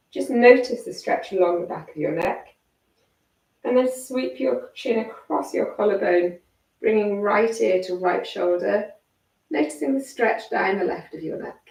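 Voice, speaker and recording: A croaky woman instructor talks a class through gentle neck and shoulder stretches, calm and encouraging. Her voice has a gravelly edge, and she sounds a little far from the mic in an echoey room. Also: mid-range voice, measured pace. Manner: calm, encouraging step-by-step cueing. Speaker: fitness instructor.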